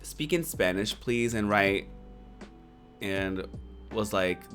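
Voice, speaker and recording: A streamer in their twenties chatting casually to a live chat, playful and quick to laugh. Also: deep voice, bright, forceful tone, faint music behind. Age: 20s.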